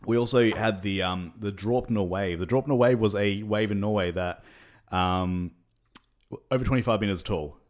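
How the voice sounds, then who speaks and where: Low-voiced man rambling on a podcast. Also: moderate pace. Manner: laughing often, swearing, acting out others in quotes. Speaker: podcast co-host. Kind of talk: casual rambling chat.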